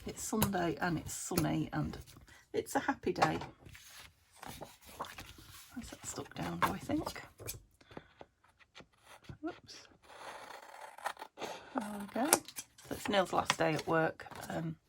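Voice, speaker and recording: A British woman talks through her crafting at home, thinking aloud and drifting into soft, half-muttered asides. Her voice sits on the lower side and carries a gravelly fry. A steady background noise runs under the recording. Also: slow pace, pauses often. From United Kingdom. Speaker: craft vlogger. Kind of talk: casual chat while crafting.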